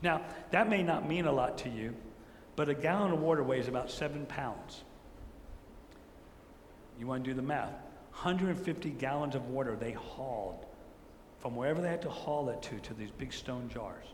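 Animated male preacher in an echoey hall. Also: medium pitch, normal speed, a little hiss or hum. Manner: animated storytelling, rhetorical questions, acts out quotes. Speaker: pastor. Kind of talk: sermon. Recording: echoey hall with faint ambience.

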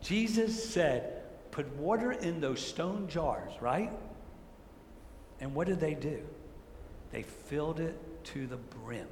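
A man preaching a sermon, telling stories with lively rhetorical questions and acting out the quotes. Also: fairly high pitch, slow, long pauses, a little hiss or hum. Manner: animated storytelling, rhetorical questions, acts out quotes. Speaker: pastor. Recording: echoey hall with faint ambience.

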